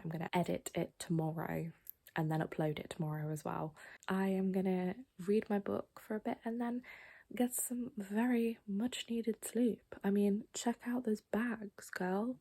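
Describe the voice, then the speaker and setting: A young woman from England chatting casually to camera at home at night, often dropping to a soft whisper. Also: medium pitch, steady tone, normal speed, breathy edge. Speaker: vlogger.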